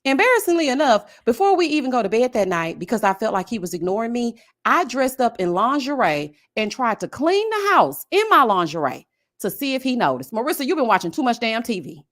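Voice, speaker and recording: A woman with a fairly high voice hosts a casual live chat about reality TV. She is animated and sassy. Her pitch leaps around a lot as she talks straight to her viewers. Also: a little fast. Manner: animated, sassy, addresses viewers as y'all and honey.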